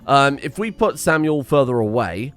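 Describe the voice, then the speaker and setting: A man giving excitable, self-mocking commentary while playing a game, thinking aloud and swearing. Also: mid-range voice, moderate pace, soft background music. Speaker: gaming streamer. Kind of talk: casual gameplay commentary.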